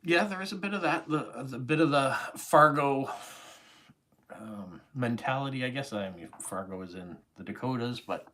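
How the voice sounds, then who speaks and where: With slight background noise, a Canadian man in his forties hosts a live stream, casually rambling through viewer comments amid fillers and asides. His slightly English-tinged voice is mid-range, pushed and bright, with lively intonation at a normal speed.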